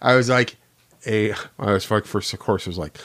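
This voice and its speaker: A man's voice: on the low side, moderate pace, a bit bright, no room sound. A man co-hosting a podcast in casual chat, laughing often and leaning on "like" as a filler. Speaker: podcast co-host.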